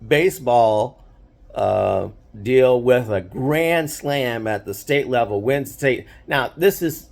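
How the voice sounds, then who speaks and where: A man's voice: mid-range voice, takes it slowly, vocal fry. An older man telling personal stories in a casual, rambling way, full of fillers and restarts. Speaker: host. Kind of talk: casual storytelling.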